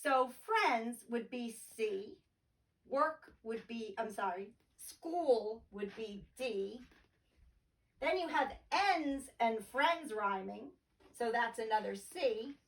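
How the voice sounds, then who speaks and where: A woman's voice: on the high side, distant mic. A woman teacher giving a remote poetry lesson from home, explaining patiently and tapping out rhythms aloud.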